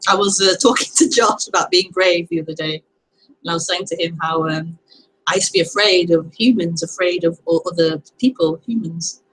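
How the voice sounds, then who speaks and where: A woman hosting a livestream on non-duality, speaking softly and laughing often between chatty asides. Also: lowish voice, moderate pace, husky, poor audio. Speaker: spiritual teacher.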